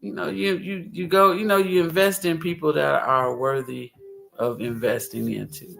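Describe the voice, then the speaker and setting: A woman's voice: low voice, fairly even intonation, normal speed, vocal fry. A woman hosting a casual crypto livestream, chatty and rambling, often giggling.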